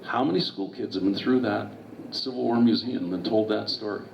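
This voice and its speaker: A man's voice: lowish voice, normal speed, vocal fry, slight background noise. Man lecturing in a roomy hall. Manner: storytelling, with asides and digressions. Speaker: author and guest speaker. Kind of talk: public history lecture. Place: meeting hall. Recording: distant, roomy, dull hall recording.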